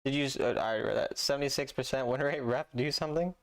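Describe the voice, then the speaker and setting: A man's voice: medium pitch, quick pace. A young man chatting casually with his viewers while playing a game live, reading chat aloud and joking dryly. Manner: laid-back, reads chat aloud, dry joking. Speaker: streamer. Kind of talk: casual gaming stream chat.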